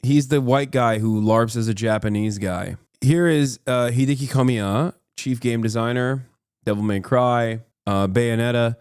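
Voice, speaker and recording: A man's voice: mid-range voice, a little mellow, smooth, no echo, clean studio sound. A man streaming live reaction commentary, ranting combatively, swearing a lot and cutting himself off with fillers. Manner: fast, with many fillers and self-cut swear words. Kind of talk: casual livestream reaction commentary.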